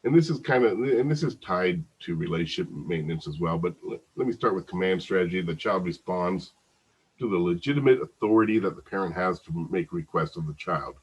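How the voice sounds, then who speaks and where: A man's voice: sits low, lively intonation, fairly quick, husky, dull audio. A man teaching a psychology lecture in a conversational way, often restarting and repeating words. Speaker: psychology instructor. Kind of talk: recorded lecture.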